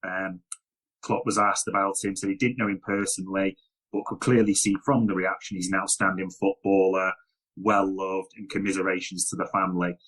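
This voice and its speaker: A man's voice: deep voice, level tone, a little fast, fairly bright tone, low-quality recording. A man hosting a podcast discussion, steadily leading the talk and putting questions to his guest. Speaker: podcast host.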